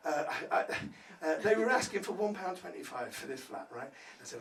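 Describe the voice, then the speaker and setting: A high-voiced male stand-up comedian rattling through a sweary story and bantering with the crowd, forever tagging lines with "right?". He is picked up from a distance in a live venue, with clear room noise around him. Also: expressive, a little fast, few pauses, echoey room. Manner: loud, swearing, crowd-work banter with many "right?" tags. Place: comedy venue before a laughing audience. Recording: distant mic, audible room ambience.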